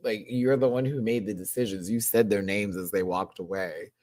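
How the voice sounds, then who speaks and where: A woman chatting in a live review of a show, animated and gushing, laughing often. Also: rumbling low, normal speed.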